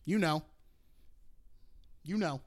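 A man in his twenties telling a profane comic story on a podcast, animated and prone to shouting out his own outbursts. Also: on the high side, takes it slowly, dry recording, studio quality.

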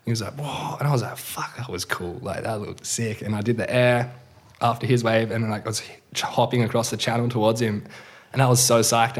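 A man's voice: medium pitch, steady tone, brisk. A man, casually telling a surfing story in a laid-back way, swearing freely and acting out what people said. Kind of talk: casual chat.

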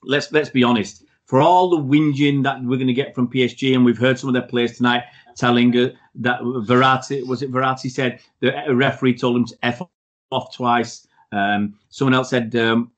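A man's voice: medium pitch, steady tone, normal speed, dull audio. A man, a podcast co-host, giving blunt and outspoken opinions in a casual football chat.

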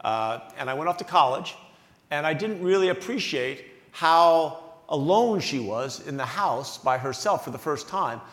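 An animated, self-mocking man in his sixties from the Philadelphia area, spinning a story for a luncheon crowd. His voice sits somewhat high. He was recorded in a big banquet hall with a long, roomy echo. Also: moderate pace. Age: 60s. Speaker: guest speaker. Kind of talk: anecdotal storytelling on stage. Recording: echoey hall with long reverb.

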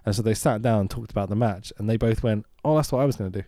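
A man's voice: lowish voice, rapid-fire, warm tone, no room sound, clean studio sound. A man co-hosting a podcast, recapping a film in casual chat, swearing freely, laughing often and mimicking the characters. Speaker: podcast co-host.

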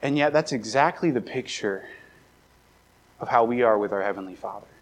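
At a moderate pace and medium pitch, a young pastor from the Baltimore area tells a personal story during a sermon in a church sanctuary. He's animated, acting out each scene with a raised voice.

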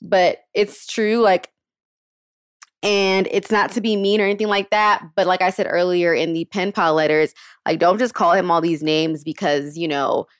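Young woman, podcast host, frank and slangy, lowish voice, dry close sound. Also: steady tone, moderate pace, clean tone, no echo. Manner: frank and slangy, curses casually. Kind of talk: casual advice podcast talk.

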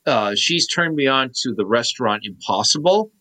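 A man's voice: medium pitch, expressive, normal speed, bright, forceful tone, rough recording. A man in his thirties co-hosting a podcast, chatting casually and rambling with lots of fillers. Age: 30s. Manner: rambling, many fillers and restarts. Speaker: podcast co-host. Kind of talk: casual chat.

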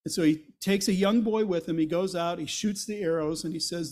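A man's voice: sits high, brisk, darkish tone. A male pastor preaching a sermon, retelling a Bible story in a casual, conversational way and acting out the characters' lines. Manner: acts out quoted voices with rising intensity.

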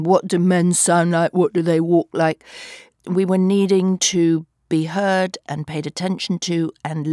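A woman's voice: lowish voice, darkish tone, no echo, clean studio sound. A middle-aged woman, a stage actor, giving thoughtful, articulate interview answers and sometimes searching for the right word.

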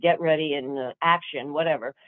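Older actress on a tinny phone-like line. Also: female voice, low voice, a little fast, no echo. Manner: lively, chatty, full of fillers and restarts. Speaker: actress guest. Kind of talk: storytelling interview answers.

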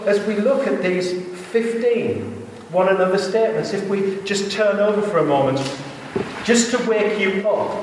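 A man preaching a sermon in a church, earnest and conversational with quick asides. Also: high voice, a little hiss or hum. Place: church hall. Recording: echoey hall, heard from a distance.

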